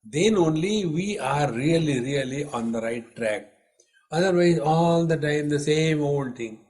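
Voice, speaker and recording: A man's voice: fairly high pitch, expressive, a little slow, darkish tone. Male spiritual teacher, older, playful discourse with humorous stories. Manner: playful, teasing, acts out dialogue in stories. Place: lecture hall.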